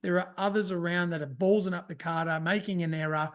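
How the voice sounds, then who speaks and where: A man's voice: sits high, fairly even intonation, quick pace, a bit bright. A man in casual podcast chat, rambling and swearing as he acts out his own thoughts. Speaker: podcast guest.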